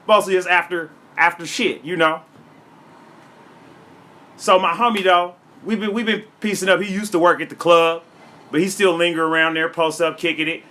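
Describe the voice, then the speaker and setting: A man's voice: on the high side, sharp tone. A man from Florida, a comedian and rapper, freestyling and then telling a story in a brash, profane, streetwise way. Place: home studio.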